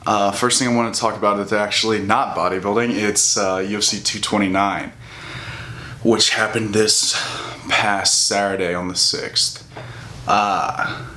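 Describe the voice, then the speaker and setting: A man's voice: on the low side, pushed and bright, slight background noise. A young man venting in a casual, profane commentary rant, full of restarts and mocking asides. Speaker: bodybuilding vlogger.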